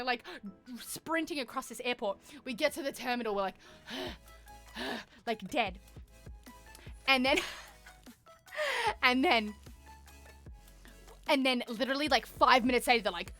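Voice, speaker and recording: A woman with an Australian accent, streaming and telling a story to her chat in a casual, animated way, swearing freely and acting out what people said. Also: a little high, a little slow, pauses often, faint music behind.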